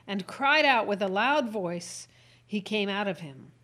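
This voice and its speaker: A woman in a Bible study reading scripture verses aloud in a plain, measured way. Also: mid-range voice, expressive, fairly bright tone.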